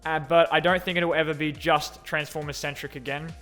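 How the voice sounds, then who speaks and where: Excitable young man with a slightly high voice. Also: fairly quick, faint music behind. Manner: excitable and sarcastic, with sudden jumps between loud gushing and mumbled asides. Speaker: YouTube host. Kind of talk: casual Q&A and unboxing chat.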